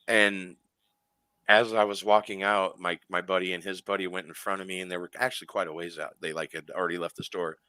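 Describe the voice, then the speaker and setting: A man's voice: low-pitched, flat delivery, a little fast, bright, forceful tone, clean tone, no echo. A man talking as a radio show guest, telling a story animatedly with plenty of fillers and restarts.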